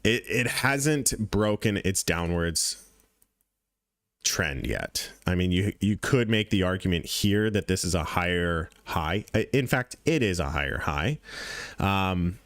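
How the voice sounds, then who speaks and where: Man, deep voice, dry close sound, casual profane crypto chart commentary, emphatic repetition. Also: expressive, slow pace, a bit bright, no echo. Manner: blunt, profane, repeats points for emphasis. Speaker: crypto trading channel host.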